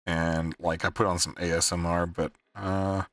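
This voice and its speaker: A man's voice: low-pitched, flat delivery, moderate pace, a bit bright, dry recording, studio quality. A man hosting a livestream in casual chat, teasing and laughing often. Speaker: livestream host.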